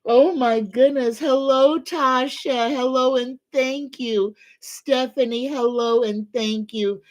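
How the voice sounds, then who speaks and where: Slow-talking gushing woman. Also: mid-range voice. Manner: gushing and grateful, talks slowly. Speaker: psychic tarot reader hosting a livestream. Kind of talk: casual livestream chat.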